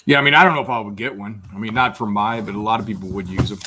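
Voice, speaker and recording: Man, lowish voice, halting, full of ums, casual guest. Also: pushed and bright, slight background noise. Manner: hesitant, lots of ums and repeated words. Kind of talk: casual chat.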